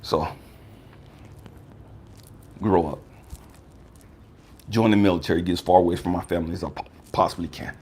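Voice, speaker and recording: An American man in his fifties, a life coach giving a personal testimony talk, emphatic and profane, swinging from raised outbursts to low murmurs. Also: steady tone, normal speed, long pauses, darkish tone, a little hiss or hum. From United States. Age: 50s.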